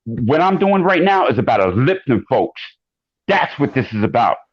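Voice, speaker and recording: A man calling in to a live chat show, talking earnestly and emphatically, getting loud at times. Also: medium pitch, sing-song, normal speed, lo-fi sound. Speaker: caller. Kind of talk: casual call-in chat.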